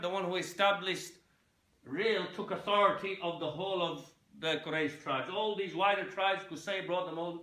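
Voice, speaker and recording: A man gives a loose, unscripted history lecture in a bright, fairly high voice. He halts often, repeats words and keeps asking his listeners if they follow. The room around him rings with echo. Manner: halting, repeats words and fillers; checks in with listeners, asking "yeah?". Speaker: Islamic history teacher. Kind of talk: informal lecture on lineage.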